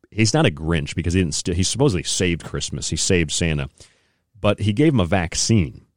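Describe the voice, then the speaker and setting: A man's voice: sits low, a little mellow, no echo, studio quality. A young adult man hosting a podcast, ranting in a casual way and laughing often. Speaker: podcast host. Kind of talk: casual rant.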